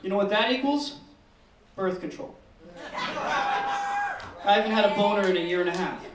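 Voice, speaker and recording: A man performing a stand-up comedy set, telling a classroom story in a deadpan way, cursing, and squealing when he acts out the kids. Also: sits high, moderate pace, very noisy. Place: comedy open mic room. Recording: echoey room, mic heard from a distance.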